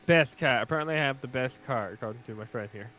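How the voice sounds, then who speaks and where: A man's voice: medium pitch, fast, bright, forceful tone, slight background noise, low-quality recording. A man streaming a co-op game, chatting casually with a friend, joking bluntly and swearing offhandedly. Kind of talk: casual gaming chat.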